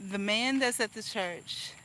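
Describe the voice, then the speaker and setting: Woman, angry, venting, rambling vlog talk, forceful bright tone. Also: fairly high pitch, a little hiss or hum, poor audio. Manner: venting, rambling with restarts and laughs. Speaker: vlogger. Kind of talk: casual vlog monologue.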